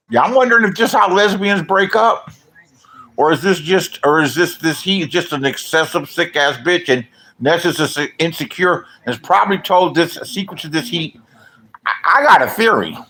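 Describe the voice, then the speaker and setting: A middle-aged man from Los Angeles giving casual livestream commentary, rambling and profane, often swinging into loud rants. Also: on the high side, poor audio. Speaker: vlogger.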